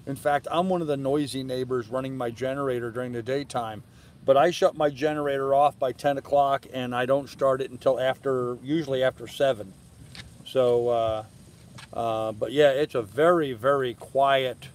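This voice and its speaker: On an evening livestream aboard his sailboat moored in a harbor, an older sailing vlog host reads viewer comments aloud and answers them in an easygoing, rambling way full of fillers. His mid-range voice is darkish with fairly even intonation at normal speed, and the poor audio carries a little hiss or hum.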